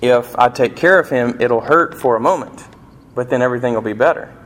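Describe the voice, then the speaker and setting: A man's voice: mid-range voice, brisk, fairly bright tone, natural voice. A man voicing a patient male angel who speaks plainly and evenly, within a sermon story. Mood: calm.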